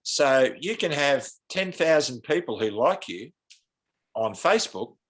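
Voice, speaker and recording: A man's voice: mid-range voice, big pitch swings, measured pace. Australian man, podcast guest, earnest and impassioned, speaking like a preacher.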